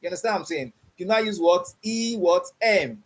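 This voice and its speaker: An animated, brisk man with a high-pitched voice instructs beginner programmers in an online class. He returns again and again to "you understand what I'm saying?" and quizzes them with open prompts like "what?"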